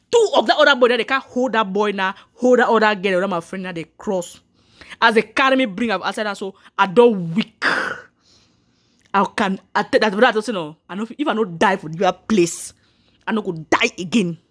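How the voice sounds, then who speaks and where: A woman's voice: medium pitch, fairly quick. A woman, telling viewers her own story earnestly, repeating herself and restarting lines. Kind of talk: personal story told to viewers.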